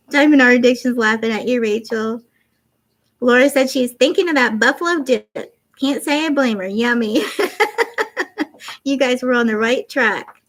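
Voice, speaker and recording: A woman's voice: on the high side, unhurried, long pauses. Giggly tired woman in her fifties. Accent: mixed Canadian and Southern traces. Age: 50s. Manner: goofy, giggly, chatty. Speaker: livestream crafting host. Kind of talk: casual chat reading viewer comments.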